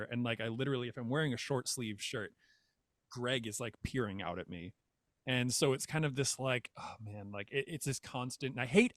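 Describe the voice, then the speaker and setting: A man chats as a podcast guest, self-deprecating and hesitant, filling his pauses with fillers. His pitch is middling. The sound is dry and close. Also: no echo. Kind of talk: casual chat.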